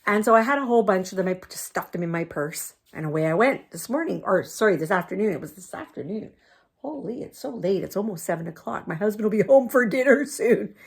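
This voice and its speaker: A woman's voice: mid-range voice, expressive, brisk, gravelly, breathy edge. An older woman talks casually to her camera in a chatty, rambling way. She laughs often and slips into a cooing tone when she speaks to her dogs. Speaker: vlogger.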